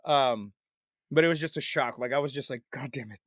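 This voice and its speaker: A man's voice: mid-range voice, fairly quick, fairly bright tone, dry recording, studio quality. A man in his thirties co-hosting a podcast, chatting bluntly with lots of swearing and a self-mocking tone. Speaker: podcast co-host. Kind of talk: casual chat.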